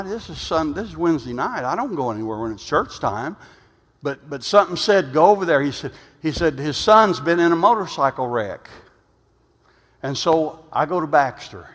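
A middle-aged man, preaching a testimony-style sermon and telling stories, often stumbling over repeated "and, and" as his voice swells loud, then drops soft. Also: fairly high pitch. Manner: storytelling, repetitive "and, and", shifting loud and soft. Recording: long hall reverb.

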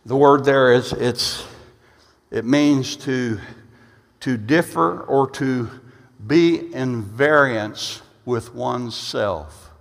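Gravelly preacher man in an echoing hall. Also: very slow. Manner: emphatic, swings from loud bursts to low asides; repeats and restarts phrases. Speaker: pastor. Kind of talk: sermon. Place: church sanctuary. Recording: long reverb of a church hall.

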